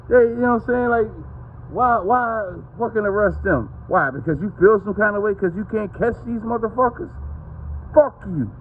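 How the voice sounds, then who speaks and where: A man's voice: sits high, narrow, tinny audio, a little hiss or hum. A man, ranting to camera in a heated, profane, rambling way. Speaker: vlogger.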